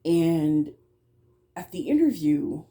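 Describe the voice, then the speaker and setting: A woman's voice: low-pitched, sing-song, warm tone. A woman who runs a childcare business, telling a story casually, bluntly and with swearing, stumbling over words now and then. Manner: talks fast at times. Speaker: childcare provider.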